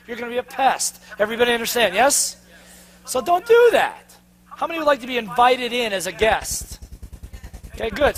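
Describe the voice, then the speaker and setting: A man in a live sales seminar, a trainer who keeps throwing quick questions at his audience and making them answer back. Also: very high-pitched. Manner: energetic, call-and-response questions to the crowd; drops to a mocking tone for the inner doubting voice.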